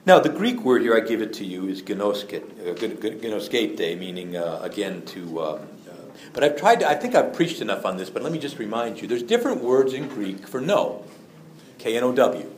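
A man's voice: lowish voice, very animated, moderate pace, reverberant, a little hiss or hum, poor audio. A man preaching a sermon as a priest, in an earnest, conversational manner that moves in and out of quoted voices.

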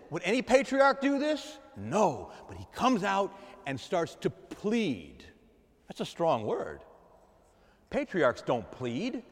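A man preaches to his congregation with animated delivery, his voice climbing fairly high and ranging widely. He acts out voices and swings between loud and soft. A long reverb from the church hall trails his words. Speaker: pastor. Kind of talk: sermon.

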